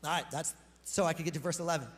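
A man's voice: a little high, steady tone, racing. A man preaching a sermon as pastor to his congregation, talking to them in a casual, emphatic way. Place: church hall. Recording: long reverb of a hall.

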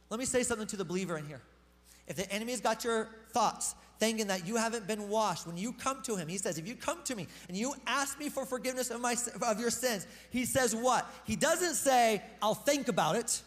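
A man's voice: high voice, animated, brisk, fairly bright tone. A man preaching a sermon as pastor to his congregation, talking to them in a casual, emphatic way. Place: church hall. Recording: long reverb of a hall.

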